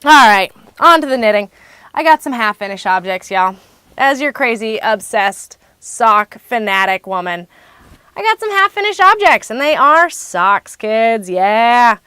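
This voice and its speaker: A woman hosting a craft podcast in casual chat, bubbly and excitable. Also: on the high side, a little slow, smooth, dry recording. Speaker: podcast host.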